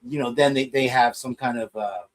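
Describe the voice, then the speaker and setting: A man's voice: mid-range voice, fairly quick, low-quality recording. A middle-aged man co-hosting a podcast in casual, rambling, jokey chat, often distracted by his equipment. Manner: rambling, jokey, distracted while fiddling with gear. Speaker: podcast co-host.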